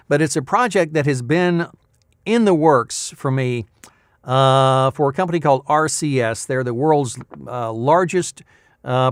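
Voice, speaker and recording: A man's voice: medium pitch, smooth, no room sound, clean studio sound. A man in his fifties, a voice-over artist chatting in a rambling casual vlog recap with many fillers. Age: 50s.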